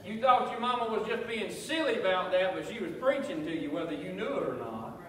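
High-voiced preacher in an echoing church. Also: male voice, expressive, brisk. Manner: emphatic preaching with call-and-response and repetition. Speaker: pastor. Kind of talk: sermon. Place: church sanctuary. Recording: echoey church hall, voice from far off.

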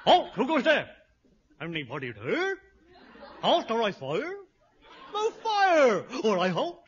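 An actor playing a dim-witted, goofy young soldier on guard, in 1950s radio comedy style. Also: male voice, extremely high pitch, wildly swooping pitch, slow, a bit bright, exaggerated voice. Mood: nervous. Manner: dopey, goofy, rambling. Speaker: guard character. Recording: old lo-fi radio recording with hiss.

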